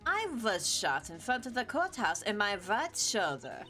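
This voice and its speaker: A woman's voice: mid-range voice, huge pitch swings, unhurried, pushed and bright, faint music behind, exaggerated voice. A woman voicing a proud young female prosecutor with a mock German accent, clipped and haughty.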